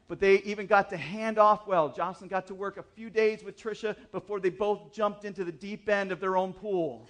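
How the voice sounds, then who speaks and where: A man preaching a sermon as the church's pastor, telling a personal story in a chatty, animated way with asides and self-deprecating jokes. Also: high voice, brisk, hardly any pauses. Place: church service.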